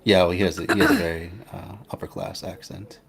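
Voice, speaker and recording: A man hosting a casual chat, talking in a relaxed, hesitant way with frequent restarts. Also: low-pitched, a little fast, vocal fry, breathy edge. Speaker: host.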